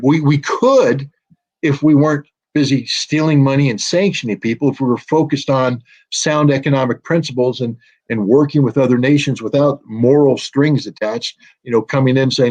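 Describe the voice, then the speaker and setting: An American man in middle age speaks as an interview guest. He argues with emphatic force and a sardonic edge, and mocks the people he quotes. His voice sits at an ordinary pitch, and the recording sounds dull and lo-fi. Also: moderate pace, a little mellow. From United States. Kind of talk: political commentary interview. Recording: dull lo-fi audio.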